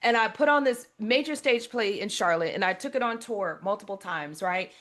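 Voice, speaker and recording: A woman hosting an interview podcast, telling stories in a lively, conversational way and speaking to listeners as "y'all". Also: mid-range voice, normal speed. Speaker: podcast host.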